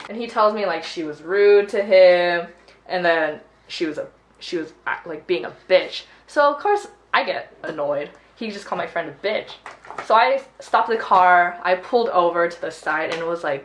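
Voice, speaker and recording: A young female beauty vlogger, her voice on the low side and at normal speed, chats animatedly while doing her makeup. She retells a story with lots of "like," and the recording has a roomy echo.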